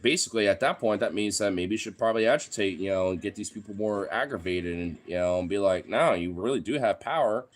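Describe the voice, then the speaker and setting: A man's voice: deep voice, quick pace, hardly any pauses. A man talking in a casual, rambling monologue, swearing often and getting heated, with lots of "you know" fillers. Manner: profane, heated ranting with frequent fillers.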